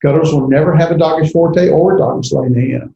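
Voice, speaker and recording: A man teaching a class on an ancient language. He has a rather high, mellow voice and halts often, with fillers and restarts as he carefully sounds out letters. It comes through as a dull, roomy classroom recording with faint hiss. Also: quick pace. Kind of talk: classroom lecture.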